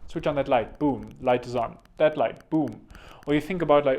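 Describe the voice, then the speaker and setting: A man's voice: medium pitch, normal speed. A man hosting a podcast, talking in a rambling, chatty way with joking asides. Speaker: podcast host. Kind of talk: casual podcast monologue.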